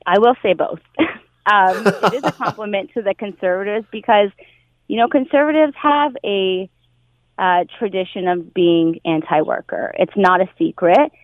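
A woman interviewed on radio as a union public relations director, speaking in a measured, deliberate way. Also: mid-range voice, no echo. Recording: tinny dry phone line.

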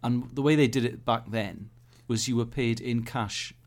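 Winded guy on a live comedy pod, chatty storytelling, mid-pitch. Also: fairly even intonation, normal speed. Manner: jokey storytelling. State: out of breath. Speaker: podcast co-host. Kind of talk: live comedy podcast chat.

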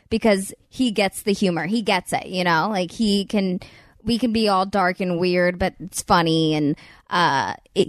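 Casting note: giggly, effusive woman host, dry close sound, chatty and warm toward her guest. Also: mid-range voice, no echo. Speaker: podcast host. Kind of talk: casual chat.

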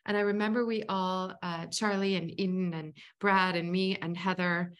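A woman's voice: fairly low pitch, fairly even intonation, moderate pace. A woman, an actress and filmmaker, telling stories in a casual interview, chatty and rambling with many fillers and restarts. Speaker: actress and filmmaker, podcast guest.

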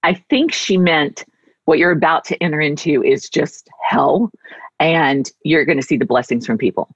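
Middle-aged woman guest author, husky, heartfelt, on dry muffled audio. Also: low-pitched, moderate pace, no room sound. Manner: heartfelt, reflective, emphatic. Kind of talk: conversational interview.

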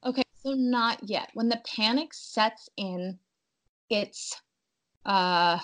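A young adult woman telling her birth story in a casual, animated way, acting out her own cries in quotes. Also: mid-range voice, slow, low-quality recording.

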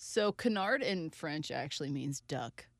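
A woman co-hosts a casual podcast, trading playful, profane banter. Her pitch swings widely, making her voice lively and animated. The recording is close and dry. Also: measured pace, dry recording. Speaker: podcast co-host. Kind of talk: casual chat.

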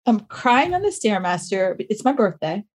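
A woman's voice: medium pitch, big pitch swings, normal speed. A woman in her thirties, a trainer and podcast guest, animatedly telling a personal story and acting out quotes. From US East Coast. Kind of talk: casual interview storytelling.

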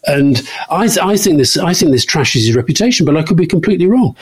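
A man's voice: a little high, expressive, fast talker. A man co-hosting a political discussion podcast, blunt and pressing his co-host for straight answers. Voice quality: husky.

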